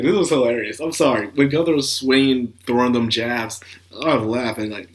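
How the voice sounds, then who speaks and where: Young male anime reviewer, casual and animated, under the weather with a cough. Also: mid-range voice, normal speed. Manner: animated, swears and laughs, acts out scenes. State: sick with a cough.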